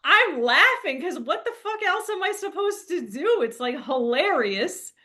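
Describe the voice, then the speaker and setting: A woman's voice: sits high, very animated, a little slow, sharp tone. A young woman telling a rambling, laughing story in a casual monologue, full of fillers. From New Jersey. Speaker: spiritual coach.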